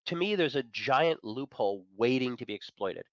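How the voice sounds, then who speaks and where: A man's voice: mid-range voice, lively intonation, moderate pace, dry recording, lo-fi sound. A man chatting as a guest on a talk show, enthusiastic and opinionated, chuckling between points. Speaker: guest, managing editor of an entertainment and tech site. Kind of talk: casual chat.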